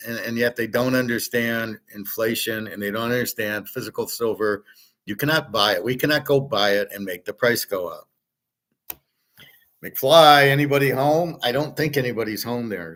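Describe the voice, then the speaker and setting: A man's voice: fairly low pitch, fairly bright tone. A man hosting an online show, ranting in a blunt, profane, rambling way. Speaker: show host and betting tipster. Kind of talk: casual ranting commentary.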